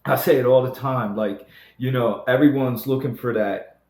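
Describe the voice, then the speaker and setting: A man's voice: medium pitch, fairly even intonation, moderate pace, a little mellow. A man in recovery telling his own story in a casual podcast chat, earnest and full of "man" and "bro.". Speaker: person in recovery helping others. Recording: echoey room.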